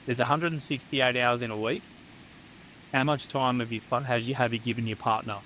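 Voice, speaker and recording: A man's voice: medium pitch, steady tone, fairly quick, fairly bright tone, a little hiss or hum, rough recording. Blunt, swearing Australian man. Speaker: psychotherapist guest. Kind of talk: candid casual chat. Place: home near the beach.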